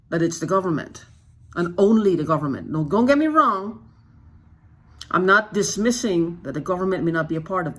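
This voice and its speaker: In a husky, somewhat rough voice of middle pitch and fairly bright tone, a YouTube channel host rants through an unscripted vlog. He sounds agitated, throwing out rhetorical questions, and his sentences stall and restart while key phrases get doubled for emphasis.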